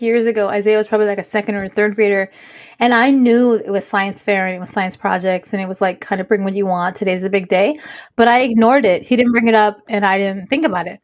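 A woman co-hosting a podcast, telling a story in casual chat, acting out the quotes and slipping in Spanish. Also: medium pitch. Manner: lively storyteller, acts out quotes, Spanish asides. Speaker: podcast co-host.

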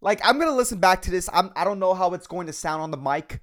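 Comedian guy on his own podcast, goofy aggressive delivery, pitch jumps all over, swears a lot. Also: expressive, fast talker, hardly any pauses, a bit bright. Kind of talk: casual solo podcast talk.

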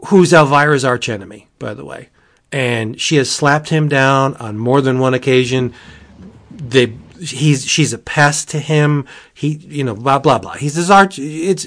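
Man, comic reviewer, casual chat, gushing and excitable, mid-range voice. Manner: gushing, excitable, jumps to high exclamations.

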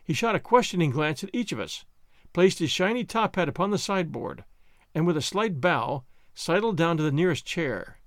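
A man narrating an audiobook in the first person, with an expressive storytelling delivery. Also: a little high, normal speed, no room sound, clean studio sound.

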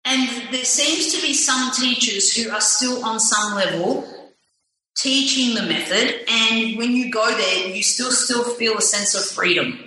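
A woman as an interview guest, talking candidly in an animated, profane, self-questioning way. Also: on the high side, a little slow, very echoey, a little hiss or hum, poor audio. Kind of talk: candid conversational reflection.

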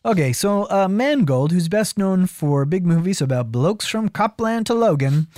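A man's voice: high voice, expressive, normal speed, darkish tone, dry recording, studio quality. A man co-hosting a comedy podcast, reading a film review aloud between jokes and laughter. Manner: reads review passages aloud, breaks into laughter. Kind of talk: casual comedic chat.

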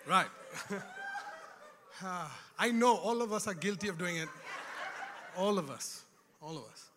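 A man's voice: sits high, expressive, unhurried, noisy background. A man preaching a sermon in a church, in a conversational way with laughing asides, rising to emphatic exhortation. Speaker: pastor.

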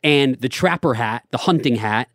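A man's voice: medium pitch, normal speed, fairly bright tone, no echo, clean studio sound. A man in his thirties telling rambling, profane stories as a co-host on a casual podcast. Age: 30s. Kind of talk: casual chat.

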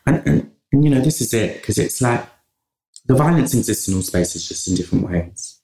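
A man's voice: mid-range voice, lively intonation, moderate pace, dark tone. A man from in England, a podcast guest talking passionately in long runs with restarts. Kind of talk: conversational interview. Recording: roomy echo.

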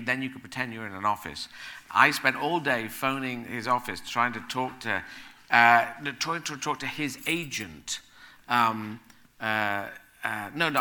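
A middle-aged man chatting as an interview guest, spilling out animated, rambling anecdotes and correcting himself mid-flow. His voice is very bright and sharp, pitched in an ordinary male range. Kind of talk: casual chat, anecdotes.

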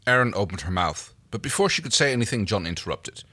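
A man's voice: fairly low pitch, animated, fast talker, bright, forceful tone, husky. A man co-hosting a podcast, reading fan fiction aloud in a playful way. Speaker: podcast co-host.

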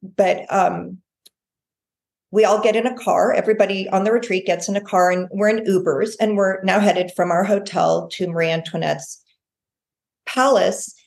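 Gravelly woman telling a lively story. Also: on the low side. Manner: lively storyteller, acts out quoted speech. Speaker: guest healer. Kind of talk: animated storytelling in a podcast interview.

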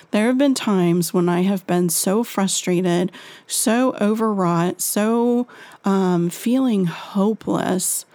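A woman with a low, gravelly voice speaks slowly and gently, reassuring parents as she gives advice. Her tone is mellow and dark, and the recording is close and dry with no room sound. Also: no echo. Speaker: parenting author and advisor.

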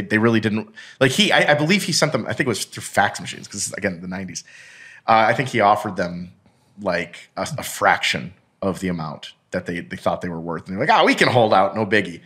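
Low-voiced man telling a finance story. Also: a bit bright. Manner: rambling storyteller, frequent restarts and swearing. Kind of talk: casual explanatory chat.

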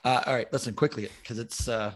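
A man's voice: mid-range voice, steady tone, a little fast. A man hosting a casual sports podcast, joking and swearing offhandedly. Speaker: podcast host.

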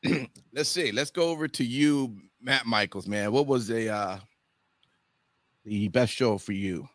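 A man's voice: medium pitch, a little slow, no echo. A man hosting a casual wrestling panel chat, handing turns to his cohosts. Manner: lively, hands turns to cohosts. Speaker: podcast host.

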